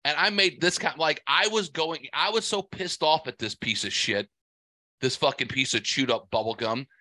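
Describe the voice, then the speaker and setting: Foul-mouthed man ranting, bright and dry. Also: a little high, moderate pace, dry recording. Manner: profane angry ranting. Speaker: podcast host. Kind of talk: casual podcast chat.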